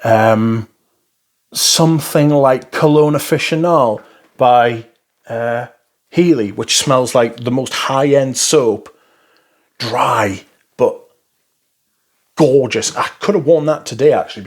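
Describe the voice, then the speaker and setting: Speaking slowly at medium pitch, a man rambles through first impressions of fragrances. He reviews them bluntly and casually, swearing plenty.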